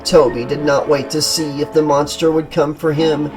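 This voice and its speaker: A man narrating a horror audiobook in a steady, dramatic storytelling manner. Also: on the high side, normal speed, music in the background, low-quality recording. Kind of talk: scripted narration.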